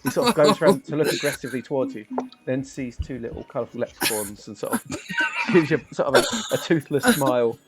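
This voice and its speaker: A man's voice: medium pitch, animated, brisk, background noise. Man narrating a tabletop game. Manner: hesitant, lots of fillers. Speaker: game master.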